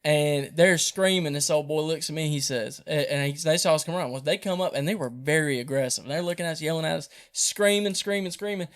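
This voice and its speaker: A man, telling a hunting story on a podcast in an animated way and acting out the voices. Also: fairly high pitch, fairly quick, few pauses. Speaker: podcast host. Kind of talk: casual storytelling.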